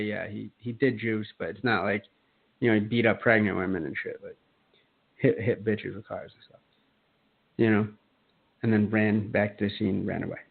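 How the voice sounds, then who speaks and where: A man's voice: mid-range voice, gravelly. A man co-hosting a podcast, ranting casually with lots of swearing and sarcasm. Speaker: podcast co-host. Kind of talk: casual chat. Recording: phone-like lo-fi sound.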